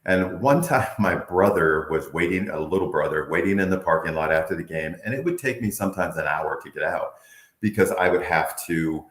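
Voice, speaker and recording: A man in his fifties, a former football player from the Bay Area, telling animated stories in an interview and acting out quotes. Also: sits low, fairly quick, echoey room. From Bay Area, United States. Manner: animated storyteller, acts out quotes, laughs often. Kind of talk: candid interview storytelling.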